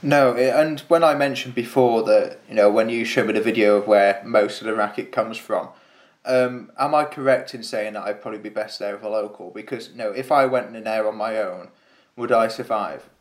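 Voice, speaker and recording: A man's voice: lowish voice, brisk. A man hosting a podcast, interviewing a guest with long, winding questions. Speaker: podcast host. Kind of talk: podcast conversation.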